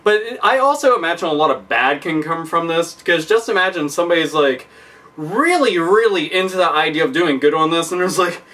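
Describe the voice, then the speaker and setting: A man's voice: fairly high pitch, lively intonation, a little fast, sharp tone, distant mic. A man ranting in a profane, rambling comedic commentary, laughing often. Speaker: vlogger.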